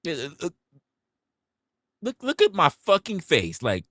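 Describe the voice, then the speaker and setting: A young man hosting a livestream, telling a story in a candid, profane, animated way. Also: high voice, measured pace, no room sound, clean studio sound. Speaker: livestream host.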